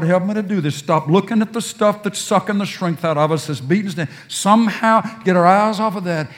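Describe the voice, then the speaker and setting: Man, preacher, sermon, slightly high voice, whispers then surges, repeats phrases. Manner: swings from hushed near-whispers to raised urgent emphasis; repeats and restarts phrases when pressing a point.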